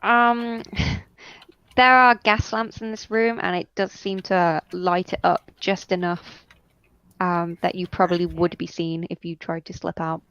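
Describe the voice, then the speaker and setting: A woman narrating as game master of a tabletop game, laughing often and filling pauses with ums. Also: fairly low pitch, steady tone, fairly bright tone, clean tone, no echo, muffled recording. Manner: laughs often, many fillers.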